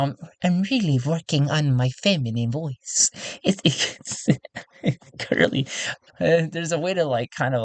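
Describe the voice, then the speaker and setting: A man's voice: medium pitch, gravelly, no echo. A man narrating a solo tabletop role-play game in a casual way, thinking aloud with restarts and laughter.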